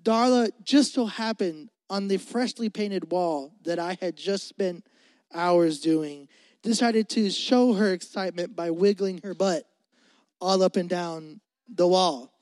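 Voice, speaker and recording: High-voiced chatty young pastor, man. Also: measured pace, darkish tone, no echo. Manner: chatty, full of fillers and asides to the crowd. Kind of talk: casual youth sermon.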